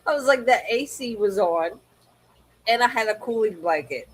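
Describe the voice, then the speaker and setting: A woman's voice: fairly high pitch, expressive, moderate pace, slightly rough, poor audio. A woman from Maryland co-hosting a livestream, telling stories in casual chat and laughing often. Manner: chatty storyteller, laughs often. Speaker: livestream co-host.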